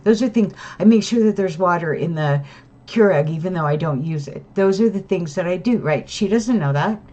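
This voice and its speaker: A woman's voice: lowish voice, expressive, moderate pace, warm tone. Weary rambling woman venting, lo-fi. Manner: rambling, weary, frequent "right?" and restarts. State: tired. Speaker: vlogger. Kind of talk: casual venting monologue to camera. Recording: dull lo-fi sound.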